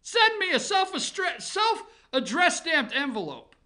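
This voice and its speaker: A man's voice: extremely high pitch, very animated, unhurried, pushed and bright, voice pushed up, exaggerated voice. A man doing a pompous impression of a self-important older male health official. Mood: smug.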